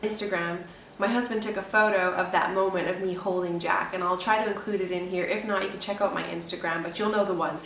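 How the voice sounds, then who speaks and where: Speaking fast but with a steady tone, a young vlogger rambles emotionally through a casual chat with her camera, laughing frequently. Her voice is middle-pitched and fairly bright, captured on a distant mic set a little away from her, in an echoing room with a low hum beneath.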